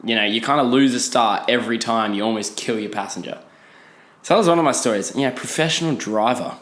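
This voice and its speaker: A man's voice: medium pitch, a little fast, a bit bright. A young Australian man hosting a podcast, telling a rambling, profane story with many restarts. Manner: rambling, swears freely, frequent restarts. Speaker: podcast host. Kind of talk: casual storytelling monologue. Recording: echoey room.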